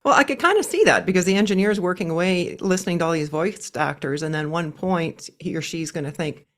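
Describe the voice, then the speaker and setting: A woman's voice: fairly low pitch, animated, fairly quick. A woman hosting a podcast interview, asking questions and giving short, engaged reactions. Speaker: podcast host. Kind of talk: casual interview chat.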